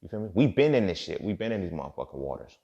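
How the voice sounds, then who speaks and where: Deep gravelly dude ranting casual motivation, lots of slang and cussing, kinda muffled lo-fi sound. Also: male voice, big pitch swings, rapid-fire, dark tone. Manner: profane, streetwise slang, repeats "you feel me". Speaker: podcast host. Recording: dull lo-fi recording.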